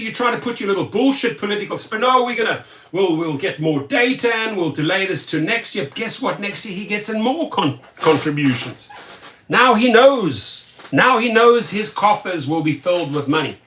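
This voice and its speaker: A tired man with a high, bright voice rants on a vlog, angry and sarcastic, and keeps repeating his words. He sits back from the mic in an echoey room. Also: distant mic. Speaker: rideshare driver and video host. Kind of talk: ranting vlog commentary.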